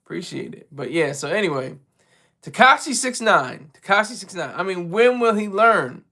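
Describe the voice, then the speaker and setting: Man, high voice, bright tone, casual livestream chat, rambling, self-deprecating, lots of restarts. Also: sing-song, moderate pace, gravelly. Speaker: livestream co-host and regular caller.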